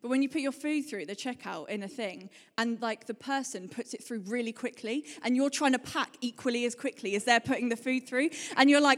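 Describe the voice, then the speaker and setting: A woman preaches in a lively, conversational way, telling everyday stories in quick bursts. Her voice sits fairly high. A long reverb hangs behind her, as in a church hall. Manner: chatty, animated storytelling, fast bursts. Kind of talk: sermon.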